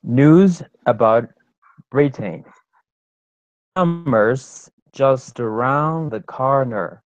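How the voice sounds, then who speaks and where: Man reading aloud very slowly, stumbling. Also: medium pitch, no echo. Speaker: student. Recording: dull, dry lo-fi audio.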